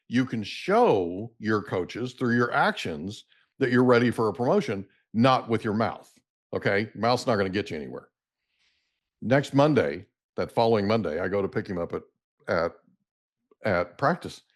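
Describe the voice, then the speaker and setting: A middle-aged man hosting a podcast, telling a long story in a casual, animated way and acting out the dialogue. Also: medium pitch. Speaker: podcast host.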